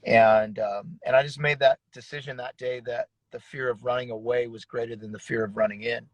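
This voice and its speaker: A man's voice: medium pitch, steady tone, a little fast, no echo, poor audio. A man in his thirties, a pastor, telling his story in an earnest, emotional way with frequent restarts. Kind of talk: conversational testimony in an interview.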